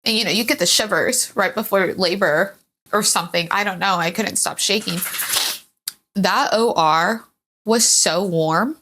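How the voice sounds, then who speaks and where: A woman's voice: mid-range voice, measured pace, pushed and bright, a little hiss or hum. A woman telling her own story as a podcast guest, candid and emotional, rambling with fillers. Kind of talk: personal storytelling in a podcast interview.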